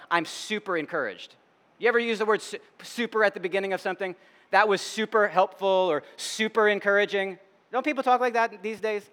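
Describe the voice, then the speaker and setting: A middle-aged male pastor preaching a sermon, moving between loud emphatic declarations and hushed reflection, with conversational asides. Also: high-pitched, long reverb tail. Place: church sanctuary.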